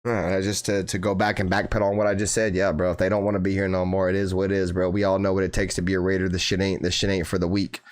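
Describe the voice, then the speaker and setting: A man's voice: low-pitched, flat delivery, fast talker, few pauses. A young man hosting a fan channel livestream who reads viewer comments, swears freely and keeps calling listeners bro. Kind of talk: casual livestream chat reading viewer comments.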